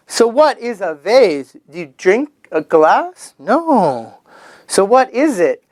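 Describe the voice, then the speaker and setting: A man leads a children's English vocabulary lesson. His voice swoops up and down in a lively sing-song, and he speaks very slowly. Each word is stretched out and repeated on a close, dry mic. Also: sits high, dry recording. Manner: animated, sing-song, drawn-out repetition of words.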